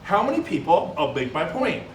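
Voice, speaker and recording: A man giving a live business presentation, energetic and quizzing the audience with quick questions. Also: fairly high pitch. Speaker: seminar presenter. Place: large event hall. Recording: echoey hall from far off, faint noise.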